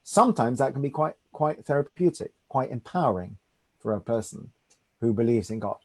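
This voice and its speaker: A man leads a study group as its rabbi. His voice sits dark and mellow, and he talks in an easy, conversational way, often tagging "right?" onto his points. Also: mid-range voice, animated, normal speed. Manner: conversational, reassuring, asks "right?". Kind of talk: teaching a study class.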